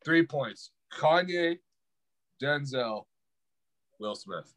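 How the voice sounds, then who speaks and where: A man's voice: on the high side, expressive, extremely slow, a bit bright, dry recording. A young man co-hosting a podcast, blunt and argumentative in a casual comedic debate. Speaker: podcast co-host.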